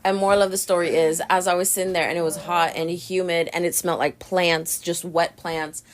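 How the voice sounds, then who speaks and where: Animated young woman telling stories. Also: on the low side, brisk. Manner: animated storytelling, swearing, laughing often. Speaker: podcast host. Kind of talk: casual podcast chat.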